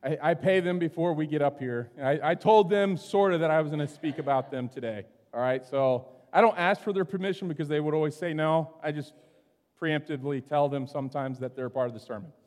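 A middle-aged pastor delivers a sermon in a church sanctuary, with a fairly high voice for a man. He talks conversationally and tells stories, punctuating his points with "right?". A long reverb trails each phrase in the hall. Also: a little fast, darkish tone. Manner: conversational, storytelling, keeps asking "right?".

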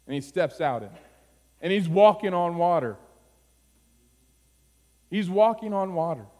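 A man's voice: expressive, a little slow. Man preaching a sermon in a reverberant hall. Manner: rises from low, quiet phrases to high, urgent pleading. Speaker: pastor.

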